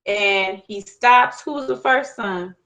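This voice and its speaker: A woman telling a folktale as a lesson, lively and asking her listeners questions as she goes. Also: medium pitch, slow, rough recording. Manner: lively, asks the audience questions. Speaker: storyteller, teacher. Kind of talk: interactive storytelling lesson.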